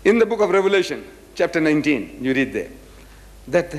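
A man lectures on religion with a fairly high voice that leaps up and down in pitch. He hammers his points home with repeated rhetorical questions. His voice carries through the long reverb of a big hall. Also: sing-song, brisk. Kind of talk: public lecture to an audience.

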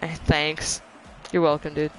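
A man with a slightly raised pitch hosts an online gaming session, joking and teasing his teammates as he calls out plays. He talks into a headset while faint music plays behind him. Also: completely flat delivery, a little slow, fairly bright tone, low-quality recording. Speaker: channel host and gamer. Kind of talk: casual gaming chat.

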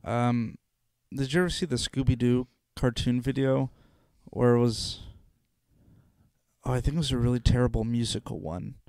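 A man's voice: mid-range voice, steady tone, normal speed, a little mellow, dry recording, studio quality. A man co-hosting a podcast in casual chat, full of filler words. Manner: filler-heavy, lots of "like". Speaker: podcast co-host.

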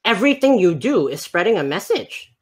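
A man's voice: high-pitched, sing-song, brisk, breathy edge. Male stream guest, argumentative, stuttering restarts, keeps pushing the same question. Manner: argumentative, repetitive, stammering. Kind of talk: heated live-stream debate.

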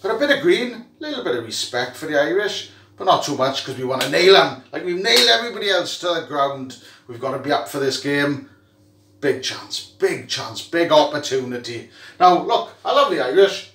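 A Welsh man vlogging as an excitable rugby fan, rowdy, jokey and full of swearing. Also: on the high side, fairly quick, slight background noise. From Wales. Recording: echoey room, mic at a distance.

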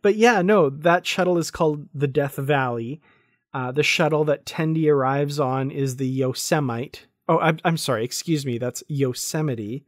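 A man co-hosting a podcast, talking in a relaxed, thoughtful way and laughing easily. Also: on the high side, moderate pace, dry recording, studio quality. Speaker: podcast co-host. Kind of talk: casual review chat.

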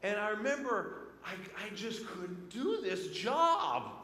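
A man preaching a sermon, telling a personal story with lively swings between loud and hushed delivery. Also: high-pitched, slow pace. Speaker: pastor. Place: church sanctuary. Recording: echoey church hall with long reverb.

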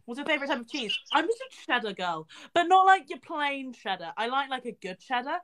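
A young woman from the UK chatting casually on a livestream, reading viewers' questions aloud and answering with loud exclamations now and then. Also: sits high, very animated, brisk. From United Kingdom. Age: teens. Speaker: livestream host.

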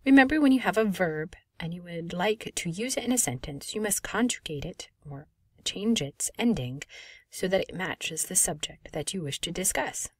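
30s woman french teacher, lowish voice, really animated, patient explaining, dry close mic. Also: moderate pace, dry recording. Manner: clear, patient explaining with lively emphasis. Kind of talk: recorded language lesson.

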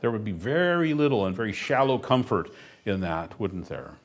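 A man's voice: fairly low pitch, very animated, normal speed. A middle-aged man preaching a sermon as pastor, emphatic and earnest, with dry humorous asides.

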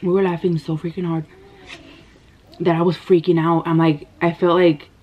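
A woman, telling a story in an animated, breathless way while eating on camera. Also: fairly low pitch, moderate pace. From United States. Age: 30s. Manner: animated, gasping, breathless retelling. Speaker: mukbang vlogger. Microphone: camera microphone. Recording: slightly dull lo-fi sound.

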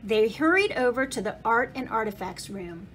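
A woman reads a children's novel aloud in a fairly high voice. Her storytelling is steady and clear, with the occasional slip and restart. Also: normal speed, a little hiss or hum. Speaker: school principal reading aloud.

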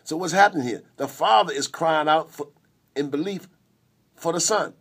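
Husky preacher man. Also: a little high, moderate pace, a bit bright. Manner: call-and-response preaching, repetitive and emphatic. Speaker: preacher on a recovery ministry radio show. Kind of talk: preaching sermon.

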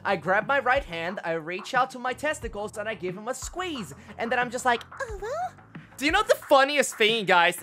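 A man's voice: high voice, sharp tone. A young Australian man streaming, reacting to fan memes in casual chat, laughing often and swearing freely.

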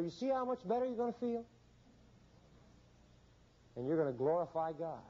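A man's voice: a little high, sing-song, normal speed, pauses often, warm tone. A man preaching a sermon, emphatic and repetitive, with a rhythmic pulpit cadence. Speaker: pastor. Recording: dull lo-fi sermon recording.

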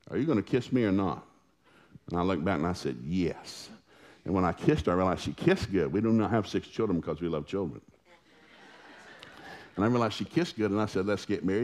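A man with a deep, low voice preaches in a church, spinning family stories in a folksy, animated style. He acts out the quoted lines as he goes. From Oklahoma. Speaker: pastor. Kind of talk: storytelling sermon.

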